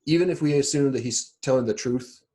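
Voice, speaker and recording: A man's voice: mid-range voice, fairly quick, mellow. A man playing a tabletop role-playing game, asking questions and reasoning aloud. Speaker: player.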